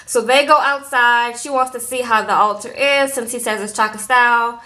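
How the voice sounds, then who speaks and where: A young woman recapping a reality show in a casual, animated way, tossing in "okay?" and "girl" as she goes. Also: a little high, normal speed.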